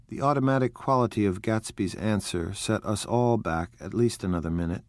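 Man reading a novel aloud, low voice, steady and unhurried, dry close mic. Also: dry recording. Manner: measured, even, unhurried reading. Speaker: audiobook narrator. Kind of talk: scripted narration.

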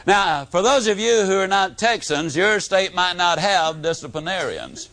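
A man delivering a motivational talk to a live audience. He tells stories with a slightly high voice that climbs and drops dramatically from line to line. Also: normal speed, no room sound. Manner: animated storyteller, swings from high to low. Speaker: motivational speaker.

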